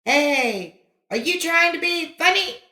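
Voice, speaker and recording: A woman voicing the valley's echo as a boy's high, slow, drawn-out calls repeated back. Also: expressive, pushed and bright, exaggerated voice. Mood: mimicking. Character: echo from across the valley, boyish. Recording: roomy echo.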